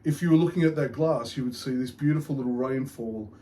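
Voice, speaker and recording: A man's voice: mid-range voice, fast talker, mellow. A man hosting a beer and betting show, chatting casually and rambling, with free swearing.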